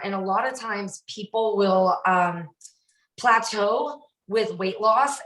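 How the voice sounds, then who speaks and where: A woman fitness instructor with a medium-pitched, slightly bright voice chats in a bubbly way as she cooks on a live stream, answering viewers by name. The mic sits at a distance, giving a roomy sound.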